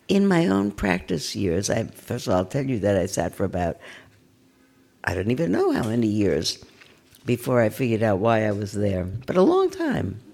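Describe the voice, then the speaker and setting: An older woman giving a gentle, conversational dharma talk as a meditation teacher, with a self-mocking manner. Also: rumbling low, gravelly. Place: meditation center.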